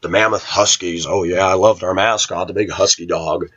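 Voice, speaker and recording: A man's voice: low voice, steady tone, moderate pace, a bit bright, breathy edge. A middle-aged man talking to his viewers in a rambling, opinionated monologue. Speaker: vlogger. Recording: dull lo-fi recording.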